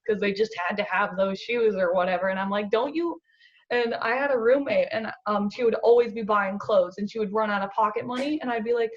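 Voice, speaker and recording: A woman's voice: medium pitch, steady tone, a little fast, hardly any pauses. A young American woman telling stories in a casual interview, laughing often and acting out quotes. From United States. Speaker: guest model. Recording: dull lo-fi audio.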